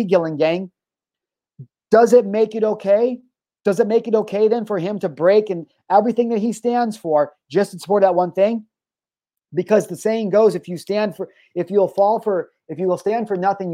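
A man's voice: sits high, moderate pace, warm tone, no echo. A man hosting his own podcast, ranting in a heated, profane way and hammering his points through repetition. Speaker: podcast host.

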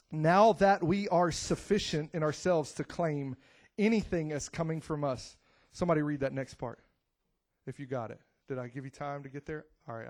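A man preaching a lively sermon to his church, whooping and swinging between hushed lines and loud cries. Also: on the high side. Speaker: pastor.

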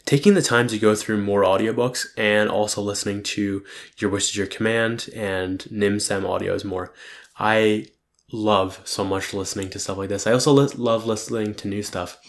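Rambling self-critical young man, low voice. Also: fairly even intonation, moderate pace. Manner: rambling, self-critical, frequent swearing and filler words. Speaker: content creator. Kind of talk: casual weekly self-reflection monologue.

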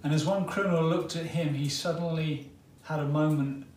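A male preacher giving a sermon, retelling a story dramatically with long pauses. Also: a little high, steady tone, a little mellow, a little hiss or hum. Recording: roomy hall, mic at a distance, faint ambience.

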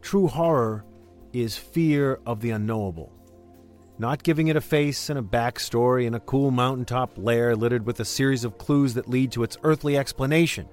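A man's voice: medium pitch, normal speed, a little mellow, natural voice. Pedantic horror snob, played by a man, dry and wordy, with a faint music bed underneath, comedy audio drama. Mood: lecturing. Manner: dry, lecturing, wordy delivery.

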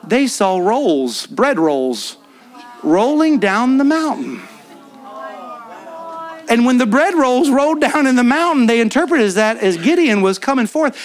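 A man preaching at a church conference, telling a story in an animated way and acting out what his friends said. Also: high voice. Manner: animated, acts out friends' lines. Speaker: guest preacher. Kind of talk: storytelling sermon. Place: church in front of a congregation.

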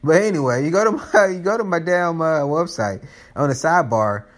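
A man's voice: a little high, lively intonation, brisk. Loose, rambling male podcast host. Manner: loose, rambling, jokey, restarts often. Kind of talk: casual chat.

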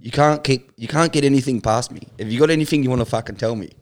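A man's voice: mid-range voice, quick pace. A young Australian man telling crude stories in casual chat, swearing constantly and acting out quoted people.

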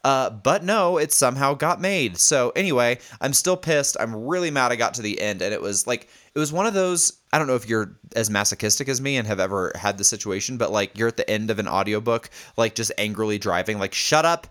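A man's voice: mid-range voice, a little fast, hardly any pauses, a bit bright. A man co-hosting a podcast, ranting in casual chat and swearing freely. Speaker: podcast co-host. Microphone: studio podcast mic.

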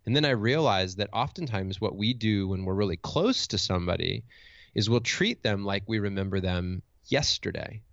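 A man's voice: fairly low pitch, expressive, normal speed, fairly bright tone, no echo, highs cut off. A man who works as a motivational speaker and coach, telling a personal story in a reflective, candid way, thinking aloud with restarts and asking "right?" as he goes.

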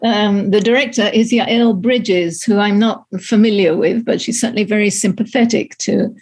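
A woman's voice: mid-range voice, fairly even intonation, normal speed, a little mellow, husky. A woman reviewing a film on a radio show in a wry, amused, chatty way. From abroad, two countries outside America. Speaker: film critic. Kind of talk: casual radio chat.

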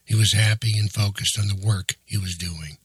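A man narrating an audiobook in a steady, even storytelling manner. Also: lowish voice, moderate pace, husky, no room sound.

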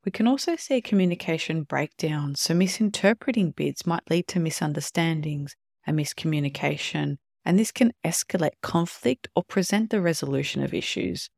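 Podcast host talking relationships, calm, bit of vocal fry, dry close sound. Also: mid-range voice, moderate pace, few pauses, no echo. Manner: calm explanatory, acts out short quoted examples. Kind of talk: solo podcast talk on relationships.

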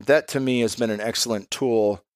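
A man's voice: mid-range voice, fairly even intonation, normal speed, dry recording. Candid reflective man, dry sound. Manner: reflective, candid, swears casually. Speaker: podcast guest, father. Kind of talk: casual podcast conversation.

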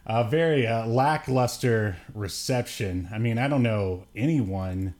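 A man's voice: mid-range voice, measured pace, darkish tone. A man hosting a podcast in casual chat, joking and laughing often, with plenty of fillers. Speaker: podcast host.

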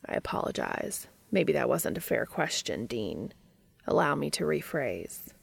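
A woman voicing a calm, commanding but gentle man who speaks evenly and quietly. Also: deep voice, moderate pace, vocal fry, husky, no echo, exaggerated voice.

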